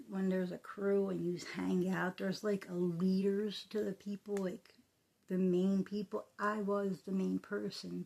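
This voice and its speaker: A woman telling a personal story in a soft, halting, emotional way, often dropping into a breathy whisper. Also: mid-range voice. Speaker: vlogger.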